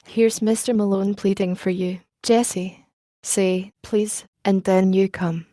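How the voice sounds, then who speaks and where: A woman reading a novel aloud as an audiobook narrator, in an even, unhurried manner with little change of voice for the characters. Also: medium pitch, no room sound. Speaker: audiobook reader. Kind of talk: scripted narration.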